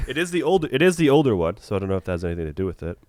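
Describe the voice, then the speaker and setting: A young man with a head cold and a nasal voice, chatting casually as a podcast co-host with halting restarts. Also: fairly low pitch, big pitch swings, a little mellow, no room sound, clean studio sound. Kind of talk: casual chat.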